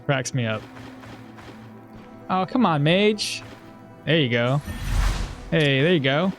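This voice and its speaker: A male game streamer talking through live gameplay in a loose, rambling way. He chuckles and swears casually as he goes. His voice sits a bit high for a man, and soft music plays underneath. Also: expressive, slow.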